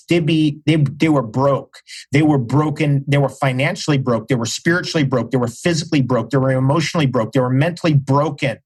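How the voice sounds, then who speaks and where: A man's voice: on the high side, slightly rough, poor audio. A man speaking as a podcast guest in casual interview talk, emphatic and repeating phrases for stress.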